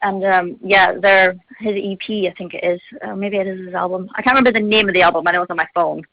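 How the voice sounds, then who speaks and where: A woman's voice: medium pitch, fairly even intonation, fast talker, no room sound. Chatty teenage girl on a phone line. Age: teens. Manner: bubbly, chatty, lots of fillers and giggles. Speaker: singer being interviewed. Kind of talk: casual chat. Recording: phone line, dull and dry.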